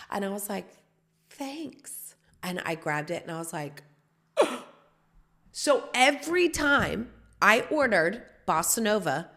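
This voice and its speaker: Woman, 40s, podcast host, slightly low pitch, bawdy candid storytelling. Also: vocal fry. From United States.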